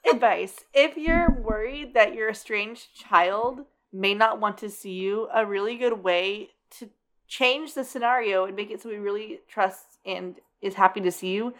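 A woman's voice: medium pitch, unhurried. A woman co-hosting a casual TV recap, making dry, sarcastic asides. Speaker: podcast co-host.

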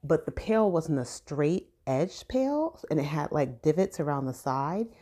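A woman's voice: low-pitched, expressive, measured pace, mellow. A woman from Southern California telling a personal story in a casual, chatty way, acting out the dialogue. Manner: chatty, acts out quoted dialogue.

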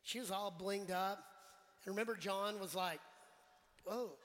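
High-voiced man preaching in an echoing church. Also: fairly even intonation, moderate pace, a bit bright. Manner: conversational, quizzes the congregation, jokes. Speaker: pastor. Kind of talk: sermon. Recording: long church hall reverb.

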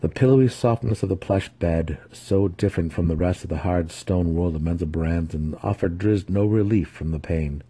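A man giving a dramatic reading of a fantasy novel, in a measured storytelling manner. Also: sits low, warm tone, slightly rough. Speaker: audiobook reader.

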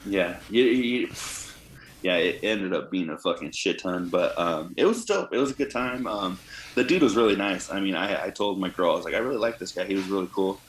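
A man's voice: deep voice, a little fast. A man co-hosting a podcast, chatting in a rambling, profane way with lots of fillers and restarts. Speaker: podcast co-host. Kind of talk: casual chat. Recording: roomy echo with faint noise.

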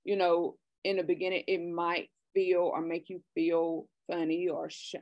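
Woman, middle-aged, podcast host, earnest, restarts, lowish pitch, dry recording. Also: level tone, measured pace, a little mellow, no room sound, muffled recording. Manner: earnest, restarts often while explaining. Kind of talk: casual conversation.

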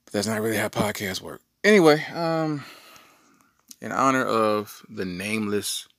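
A man's voice: on the low side, normal speed, no room sound, clean studio sound. A middle-aged man hosting a podcast, telling a rambling story in a casual, slangy way. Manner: animated, rambling, with slangy asides. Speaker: podcast host.

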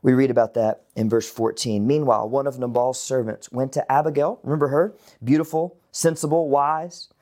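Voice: mid-range voice, steady tone, moderate pace, hardly any pauses, mellow. A Bible teacher giving a casual, conversational online lesson, with chatty asides to the viewers.

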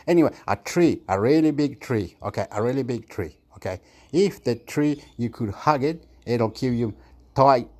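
A man's voice: medium pitch, darkish tone. A man, rambling through a casual monologue for his own video channel. He laughs often, swears and jumps from topic to topic. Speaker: vlogger.

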